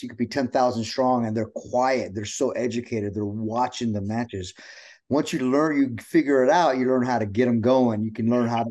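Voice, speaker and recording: A middle-aged man, a pro wrestler guest, chatting casually and acting out the voices of people in his stories. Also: mid-range voice. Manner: animated storyteller acting out quotes. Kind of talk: casual chat.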